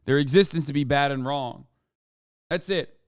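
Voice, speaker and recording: A man's voice: a little high, moderate pace, clear, resonant tone, dry recording, clean studio sound. A man hosting a live stream, ranting heatedly and profanely about politics and mocking his critics. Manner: mocking and combative toward chat.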